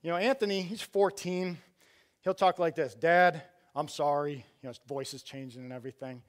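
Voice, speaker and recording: This middle-aged man, a church outreach director, preaches conversationally, posing rhetorical questions and often beginning his sentences over. He speaks fairly quickly in an expressive voice on the high side.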